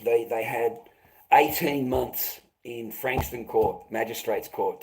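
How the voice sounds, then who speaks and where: A man's voice: medium pitch, vocal fry, rough recording. A middle-aged man ranting on a casual livestream, swearing a lot, his voice climbing when he gets worked up. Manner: agitated, swearing, voice rising when upset.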